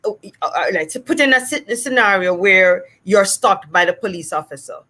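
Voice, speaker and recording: A woman from Jamaica with a Jamaican accent, a speech-language pathologist explaining things in a casual, animated way and acting out examples. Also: mid-range voice, normal speed. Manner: animated, acts out examples in different voices.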